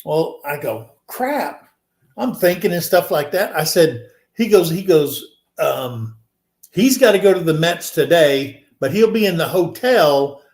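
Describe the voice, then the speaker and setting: An older man in his sixties with a slightly high voice spins a casual, rambling story full of fillers and restarts. He acts out the people he quotes by lifting his voice, and the recording carries a noticeable echo of the room. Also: lively intonation, a little slow, a little mellow. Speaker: podcast co-host. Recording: echoey room.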